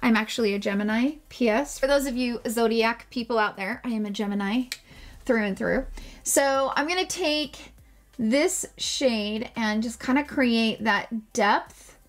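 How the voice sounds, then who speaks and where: Beauty vlogger, woman, higher voice, chatty and gushy, self-mocking with casual swearing. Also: unhurried, faint music behind. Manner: chatty and gushing, jokes at herself. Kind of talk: casual makeup tutorial.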